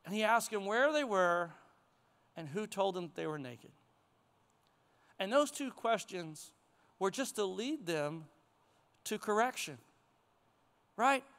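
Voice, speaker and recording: High-voiced pastor preaching in a reverberant hall. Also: male voice, slow pace, long pauses, clean tone. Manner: conversational, animated preaching with chuckles. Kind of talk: sermon. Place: church sanctuary.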